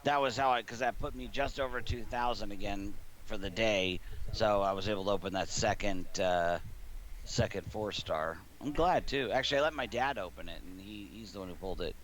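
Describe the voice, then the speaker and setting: A man's voice: on the low side, fairly quick, a bit bright. A man in his thirties, gaming streamer, telling a rambling story in casual chat from his living room and laughing often.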